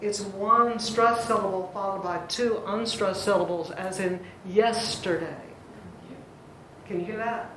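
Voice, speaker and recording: A woman's voice: mid-range voice, fairly even intonation, normal speed, hardly any pauses, fairly bright tone, slight background noise. A woman teaching a poetry class, chatty and drawing out words to show the stress. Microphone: distant recorder. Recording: echoey room from far off.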